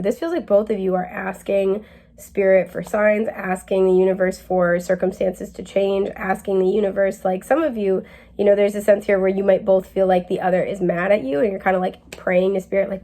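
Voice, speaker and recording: Giggly chatty young woman with gravelly fry. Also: medium pitch, steady tone, moderate pace, warm tone. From New England. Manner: chatty, giggly, rambling with many fillers. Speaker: tarot reader. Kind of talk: casual spiritual reading.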